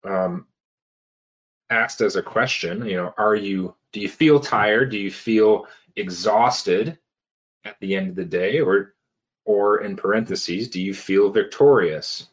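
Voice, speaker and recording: A health coach giving casual advice, pausing often with fillers and restarting phrases. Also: male voice, fairly low pitch. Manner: hesitant, many fillers and restarts.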